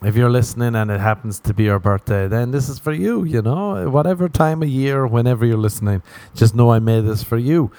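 A man's voice: medium pitch, brisk, few pauses, mellow, no echo. A man hosting a solo podcast in a casual, rambling way, joking, swearing and laughing at his own tangents. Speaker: podcast host.

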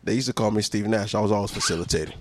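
A man's voice: fairly low pitch, rapid-fire, a little hiss or hum. A man co-hosting a podcast, telling stories in casual chat, boastful and laughing, swearing freely. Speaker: podcast co-host.

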